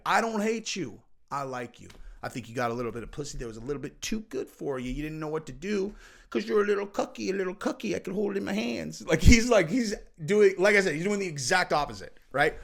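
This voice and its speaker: A male commentary host ranting casually in blunt, profane language, with a dry, wry edge. His voice sits fairly high for a man. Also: vocal fry. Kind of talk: casual rant-style commentary.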